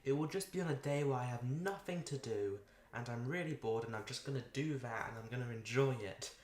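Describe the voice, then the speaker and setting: A man's voice: mid-range voice, a little fast, darkish tone. A man chatting casually on a live stream while he draws, rambling and poking fun at himself. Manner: rambling, self-mocking, repeats words playfully. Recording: echoey room, faint noise.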